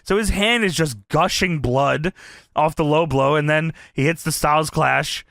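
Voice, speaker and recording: A man chatting casually as a podcast co-host, excitable, swearing a lot and laughing often while recapping a match. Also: a little high, normal speed, creaky, dry recording, studio quality. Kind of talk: casual wrestling commentary chat.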